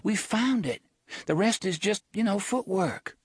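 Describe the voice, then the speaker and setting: A man playing a fearless young woman who speaks bluntly in a folksy drawl. The voice sits higher than his own and carries a husky edge. It is recorded dry and close. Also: lively intonation, unhurried, no room sound, heavily acted. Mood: defiant.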